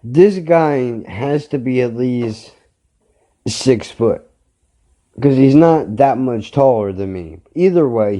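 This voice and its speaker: A man's voice: mid-range voice, dark tone. A male podcast host telling a story as a blunt, heated rant full of swearing.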